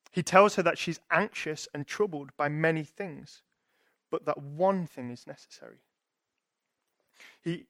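A man's voice: a little high, a bit bright, no echo, studio quality. Young man preaching conversationally. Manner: conversational, thinking aloud with frequent restarts and rhetorical "right?". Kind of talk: sermon.

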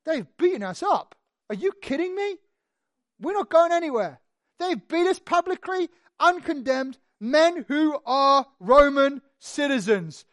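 A defiant, indignant apostle rises in pitch and volume as he refuses to leave quietly, played by a preacher mid-sermon. The voice is incredulous and mocking, and carries in a dry room. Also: big pitch swings, fairly quick, hardly any pauses, no echo. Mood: defiant indignation.

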